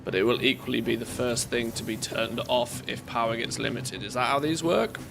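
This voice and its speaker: Gravelly male game streamer thinking aloud. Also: mid-range voice, brisk, background noise. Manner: thinking aloud, chatting with viewers. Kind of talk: casual live-stream commentary while playing.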